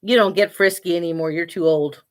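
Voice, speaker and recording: A woman's voice: on the low side, fairly even intonation, a little fast. A woman selling online, chatting casually on a live stream while packing orders and baby-talking to her pets. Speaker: online seller.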